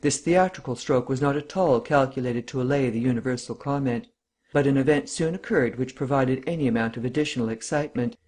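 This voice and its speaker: A man narrating a classic novel as an audiobook, in steady storytelling. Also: mid-range voice, fairly quick. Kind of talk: scripted narration.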